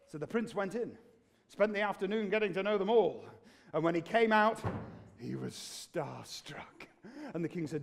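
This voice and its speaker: British English storyteller man, very high voice, dramatic and playful live telling. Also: expressive, normal speed, vocal fry. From Britain. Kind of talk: live folk-tale storytelling.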